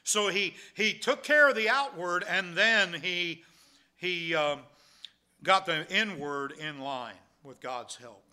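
Speaking slowly, this pastor's sermon is conversational, full of rhetorical questions and restarted sentences. His high voice is pushed and bright, clear and resonant.

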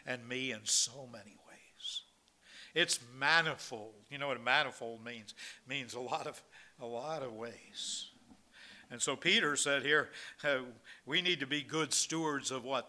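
Here a pastor with a mid-range, bright, forceful voice delivers his sermon. He quotes scripture in the King James phrasing and keeps stumbling into fillers and restarts.

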